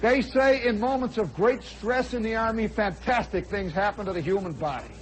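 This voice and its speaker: A man in his forties, a radio host telling a comic personal story in an animated way, now and then shouting for effect. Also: high-pitched, moderate pace, rough recording. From United States. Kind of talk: spoken storytelling monologue. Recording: old radio broadcast with faint crowd and noise.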